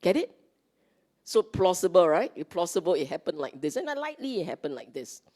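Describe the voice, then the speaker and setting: In a meeting hall, a Dhamma teacher with a Singaporean English accent gives a chatty Dharma talk to a congregation, often checking in with "okay?" and acting out the lines she quotes. Her voice is fairly low and dark-toned, with big pitch swings and a brisk pace.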